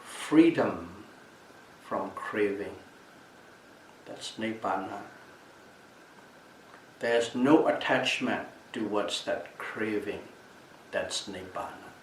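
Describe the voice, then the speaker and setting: A male meditation teacher giving a calm Buddhist Dhamma talk at a retreat, repeating and restating key terms as he explains them. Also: fairly low pitch, extremely slow, long pauses. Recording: echoey room, mic at a distance, faint background noise.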